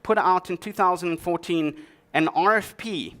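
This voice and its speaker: Addressing an audience from a conference stage, this tech speaker has a high-sitting, slightly bright voice at a moderate pace. He delivers the talk drily and jokingly, tossing in plenty of sarcastic asides.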